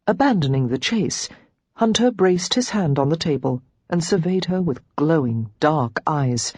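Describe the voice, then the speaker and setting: A woman reading a romance novel aloud as an audiobook narrator, giving each character a pitch and tone of their own. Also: lively intonation, a little slow, darkish tone, breathy edge, no echo.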